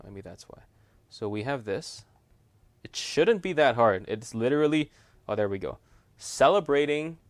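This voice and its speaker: Chatty man with a low voice. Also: no room sound. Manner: chatty, laughs easily, self-deprecating asides. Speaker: tech reviewer. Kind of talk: casual product demo.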